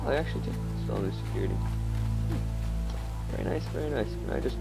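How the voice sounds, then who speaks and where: A man's voice: mid-range voice, lively intonation, quick pace, gravelly, long pauses, dull audio, over music. A man giving wry, joking running commentary to himself while playing a video game. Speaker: gaming video creator. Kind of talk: let's play commentary.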